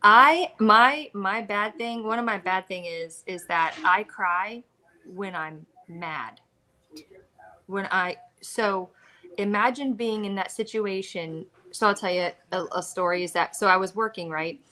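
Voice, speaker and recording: A woman in her thirties with an American accent, co-hosting a casual live chat and telling a story with lively acted-out quotes. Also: mid-range voice, a little slow. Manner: animated storyteller, acts out quoted lines. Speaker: co-host of a reseller live chat.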